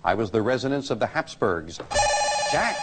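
A man hosting a television quiz show, reading clues and scores in a brisk, upbeat way. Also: medium pitch, sing-song. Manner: upbeat, reads clues crisply. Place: TV studio with live audience. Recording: noisy broadcast with loud audience.

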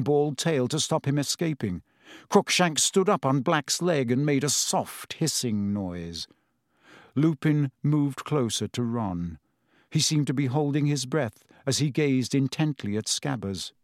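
A man narrating a storybook in an expressive, lively manner. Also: mid-range voice, measured pace, no echo, studio quality. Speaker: audiobook narrator.

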